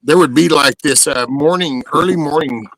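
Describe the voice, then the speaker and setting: Bright-voiced ranting American man. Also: on the high side, moderate pace, no echo, rough recording. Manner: animated, ranting, swears casually. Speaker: podcast host. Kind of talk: casual chat.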